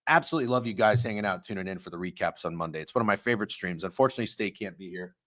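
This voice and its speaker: Racing along in a slightly bright voice, a man hosts a live sports betting stream, reading chat and ranting. His delivery is heavy with profanity, full of sudden heated outbursts and big swings in pitch.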